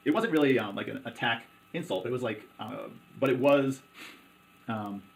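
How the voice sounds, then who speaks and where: A man, a local commissioner, talking in a conversational interview, halting often with fillers and restarts. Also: mid-range voice, gravelly, poor audio. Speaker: hospital district commissioner.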